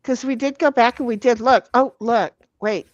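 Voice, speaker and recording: This livestream host is a woman with a higher-pitched voice speaking at a moderate pace. She plays a party game while chatting casually, laughing often, cursing freely, and reading viewer messages aloud. The lo-fi recording has no echo.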